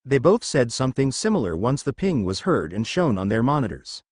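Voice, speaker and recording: A man's voice: medium pitch, sing-song, a little fast, a little mellow, breathy edge, no echo, studio quality. A man narrating a fan fiction story and reading every character's lines himself.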